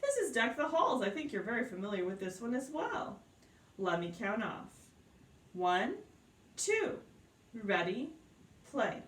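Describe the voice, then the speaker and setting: A woman's voice: on the high side, sing-song, measured pace, pauses often. A woman teaching a beginner piano lesson, explaining patiently, counting aloud and checking in with her students. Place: indoors at a piano. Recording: roomy sound from off-mic, piano behind.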